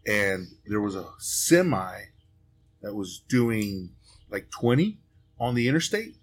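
A man with a lowish voice tells a long story to his friends on a podcast. He swears freely and keeps it loose and joking. A faint rumbling noise sits under the recording. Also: sing-song, slow. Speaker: podcast host. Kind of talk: casual chat.

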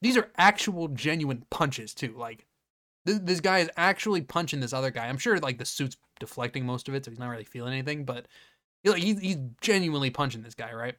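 A man hosting a casual podcast, retelling a film scene by scene in an animated, profane way with lots of fillers. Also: medium pitch, quick pace, no room sound, clean studio sound. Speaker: podcast host.

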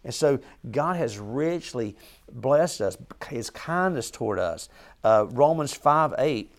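Gravelly man teaching a Bible study. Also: mid-range voice, lively intonation, slow pace. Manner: conversational, asks the group questions, frequent restarts; earnest and emphatic. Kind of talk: informal Bible teaching to a small group.

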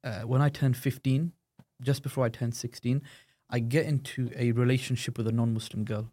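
A British man recounts his past as a guest in a relaxed conversation. He speaks at a middle pitch and keeps checking in with the listener as he talks. His delivery is chatty and unscripted. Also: moderate pace. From United Kingdom. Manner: chatty, frequent "you know" and "right?" asides. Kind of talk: personal storytelling in conversation.

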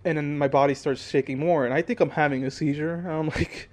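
A young man co-hosting a podcast, telling a story in a loose, animated way with lots of fillers. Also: on the high side, a little fast, few pauses. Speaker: podcast co-host. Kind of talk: casual chat.

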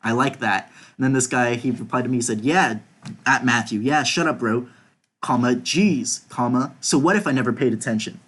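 A man's voice: mid-range voice, moderate pace, fairly bright tone. A young man chats casually on a podcast, reading group chat messages aloud. His talk is loose and offhand, with casual swearing mixed in. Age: young adult. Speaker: podcast host.

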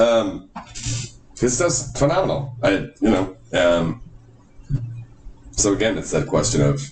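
A man co-hosting a podcast in casual chat, rambling, animated and swearing freely. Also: deep voice. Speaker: podcast co-host. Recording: echoey room, far from mic, noisy.

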